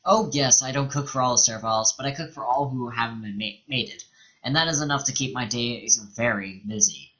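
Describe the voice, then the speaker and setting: A man's voice: medium pitch, brisk, sharp tone, lo-fi sound, close to an everyday voice. A man reading the game lines of a busy, chatty female cook in his own plain voice.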